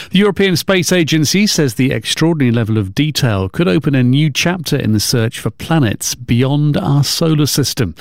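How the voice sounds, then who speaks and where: Guy reading the radio news, brisk and steady, dry close mic. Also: mid-range voice, no echo. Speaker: news presenter.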